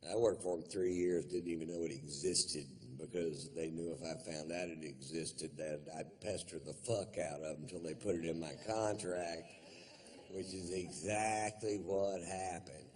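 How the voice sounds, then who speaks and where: Deep-voiced drawling stand-up comic. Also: male voice, measured pace, a little hiss or hum. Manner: drawling, profane, deadpan storytelling. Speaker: stand-up comedian. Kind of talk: stand-up comedy storytelling. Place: large theater stage.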